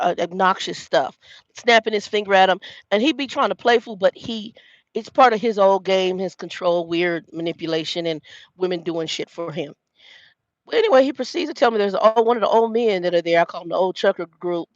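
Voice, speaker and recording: Woman vlogger, gravelly voice, dry dull self-filmed sound, rambling and cussing. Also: mid-range voice, dry recording. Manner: rambling, profane, many restarts. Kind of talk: casual storytime monologue. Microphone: self-filmed camera.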